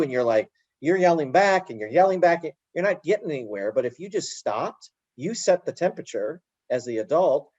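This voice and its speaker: A man explaining calmly in an interview, often slipping into little acted-out quotes of parents and children. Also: medium pitch, no echo, lo-fi sound. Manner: animated storyteller acting out little quoted dialogues. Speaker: guest, educator. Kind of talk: conversational interview answer.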